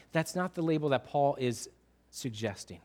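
A man's voice: mid-range voice, animated, measured pace, a little mellow. Man preaching, conversational, middle-aged, quizzes listeners, restarts phrases. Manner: conversational, asks the congregation questions, repeats himself. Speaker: pastor. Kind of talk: sermon.

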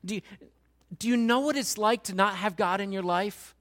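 Man preaching a sermon, high-pitched voice, middle-aged, swings between quiet and emphatic. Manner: swings from hushed and slow to loud and emphatic. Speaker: pastor.

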